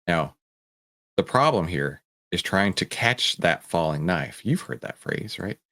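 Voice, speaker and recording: A man's voice: sits low, expressive, unhurried, bright, forceful tone. A man hosting a stock market commentary show, reacting to a clip and explaining a chart, emphatic and checking in with "right?" and "okay?". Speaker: host.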